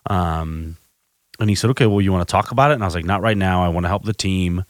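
Candid deep-voiced man telling his story. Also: quick pace, no room sound, clean studio sound. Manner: candid, self-reflective storytelling with frequent restarts. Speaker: podcast host. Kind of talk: personal recovery monologue.

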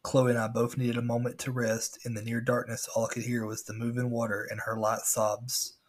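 A man's voice: mid-range voice, monotone, fairly quick. A man reading a scary story aloud as a podcast host, with casual asides.

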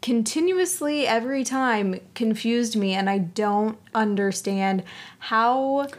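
High-voiced woman, slow animated chat. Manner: animated, acts out movie characters, swears casually. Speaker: podcast co-host. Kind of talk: casual movie chat.

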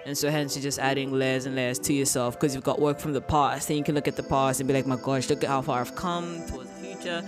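A young adult woman hosts her podcast in a chatty, upbeat, casual way, leaning heavily on "like" and "you know," with background music playing. Her voice is rumbling low with fairly even intonation, and she talks fast with few pauses.

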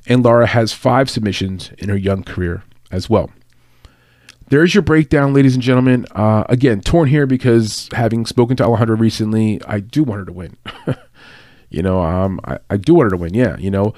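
A fight analyst and betting tipster, a native English speaker, gives casual fight predictions and betting tips in a chatty way, with lots of fillers and small laughs at his own remarks. His voice is on the low side and a little mellow, recorded dry in studio quality.

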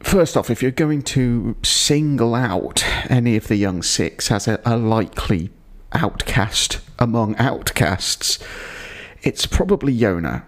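A man's voice: medium pitch, animated, takes it slowly. A man hosting a podcast, giving a digressive episode review with dry, wry asides. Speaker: podcast host.

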